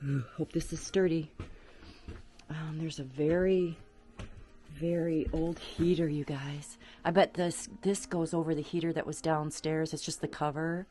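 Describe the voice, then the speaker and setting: A woman vlogger narrating as she explores an abandoned farmhouse attic, chatty and exclaiming at creaking floors, recorded on a handheld camera. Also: deep voice, fairly even intonation, unhurried, dark tone.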